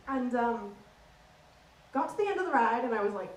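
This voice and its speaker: High-voiced woman doing stand-up. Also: lively intonation, recorded from a distance, a little hiss or hum. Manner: chatty, teasing, quick asides. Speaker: stand-up comedian. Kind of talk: stand-up comedy. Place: theater stage. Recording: roomy stage sound from afar.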